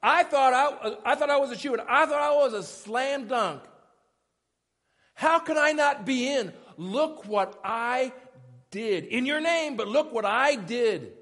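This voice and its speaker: A man's voice: very high voice, lively intonation, measured pace, few pauses, fairly bright tone, pitched above the performer's own voice, full character voice. A man voicing an indignant, self-righteous man who protests that his good deeds should count. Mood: incredulous. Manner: pleading, self-righteous, incredulous. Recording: echoey church hall.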